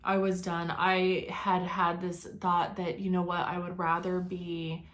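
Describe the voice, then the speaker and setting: A woman in her forties with a lowish, fairly bright but monotone voice tells her own life story to camera at a measured pace. She is earnest and reflective, with many fillers and restarts.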